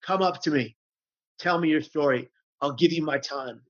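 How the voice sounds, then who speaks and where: An earnest man with a fairly high voice talks with emphatic conviction, often repeating his phrases for effect. The recording sounds dull and lo-fi. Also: normal speed. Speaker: guest speaker on mental health. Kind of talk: passionate conversational storytelling. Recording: dull lo-fi audio.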